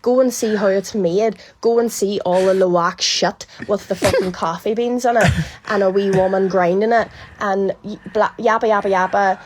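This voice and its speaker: A woman's voice: mid-range voice, steady tone, normal speed. Woman sending a voice note, laughs through it, swears a lot, bit of background noise. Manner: laughing, tumbling, swears freely. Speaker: voicenote confessor. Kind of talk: casual storytelling. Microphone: phone voice note.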